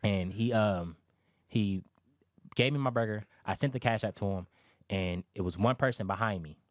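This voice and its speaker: A man telling a story as a guest on a talk show, animated and acting out other people's lines. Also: fairly low pitch, moderate pace, no room sound, studio quality.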